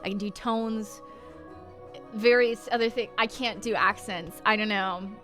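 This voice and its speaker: A woman's voice: mid-range voice, steady tone, a little slow, a bit bright, soft background music. Chatty woman playing a game. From Southern United States. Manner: chatty, rambling and self-deprecating. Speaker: gaming streamer. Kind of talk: casual let's-play commentary.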